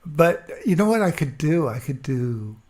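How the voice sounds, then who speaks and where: Male streamer, relaxed home chat, unhurried, laughs easily. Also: fairly high pitch. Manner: chatty, laughs often, easygoing. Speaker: musician hosting a livestream. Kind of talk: casual livestream chat with viewers. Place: at home in an easy chair.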